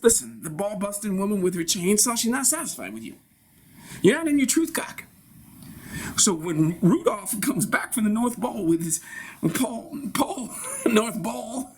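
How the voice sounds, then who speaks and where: A man improvising a brash, crude male barbershop regular who lectures bossily and talks fast. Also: high-pitched, slight background noise. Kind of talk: improvised comedy scene.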